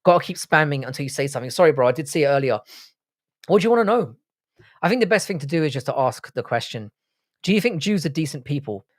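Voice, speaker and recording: A man's voice: a little high, big pitch swings, fast talker. British-accented male streamer, blunt crude banter, casual live-stream chat. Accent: British English. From Ireland, raised in England. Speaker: university professor.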